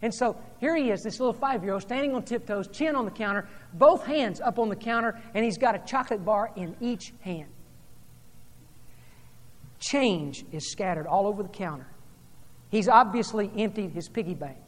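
A woman preacher delivering a sermon, telling a story and then speaking in hushed, earnest tones. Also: medium pitch, animated, normal speed. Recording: long hall reverb.

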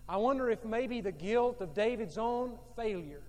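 High-voiced preacher in an echoing hall. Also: male voice, lively intonation, normal speed. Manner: emphatic and repetitive, swinging between loud and hushed. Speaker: pastor. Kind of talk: sermon. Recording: long reverb of a large hall.

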